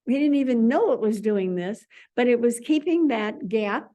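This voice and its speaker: A woman leading a spiritual study class, talking in an animated way and repeating words as sound effects. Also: a little high, moderate pace. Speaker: class leader.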